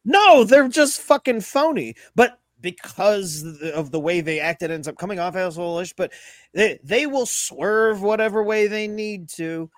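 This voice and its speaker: A man co-hosting a sports podcast, talking in casual, animated chat, often repeating words and swearing as he makes his point. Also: high-pitched, measured pace, no room sound, studio quality. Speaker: podcast co-host.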